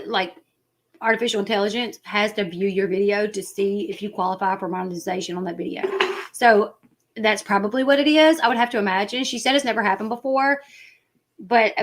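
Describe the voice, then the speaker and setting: Woman host, Southern country accent, chatty livestream commentary, rambling delivery. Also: medium pitch. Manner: chatty, rambling, acts out quoted people. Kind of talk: casual livestream chat.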